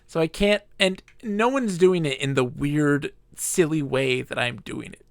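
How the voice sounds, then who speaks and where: A man's voice: fairly high pitch, a little slow, gravelly, no room sound, studio quality. A drunk man streaming a game live, rambling and giggling as he talks, sometimes squealing and sometimes murmuring. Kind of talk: live gameplay commentary.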